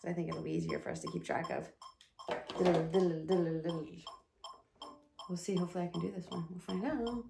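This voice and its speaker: A woman's voice: fairly low pitch, rapid-fire, gravelly, hardly any pauses, background noise. A woman teaching viola in a casual lesson, chatting, counting aloud and singing rhythms while she plays. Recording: echoey room with viola playing. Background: her own viola playing and a metronome.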